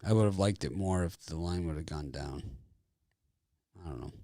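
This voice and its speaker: A man's voice: sits low, moderate pace, warm tone, no echo, studio quality. A man hosting a sports betting podcast, running through games in a blunt, jokey way and passing the mic to others. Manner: jokey, blunt, laughs and riffs on teams. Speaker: podcast host. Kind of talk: casual sports betting chat.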